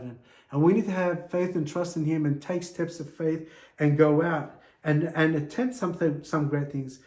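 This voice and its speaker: Male preacher, slightly high voice, earnest exhortation, echoey church room. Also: fairly even intonation, moderate pace, darkish tone. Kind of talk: sermon.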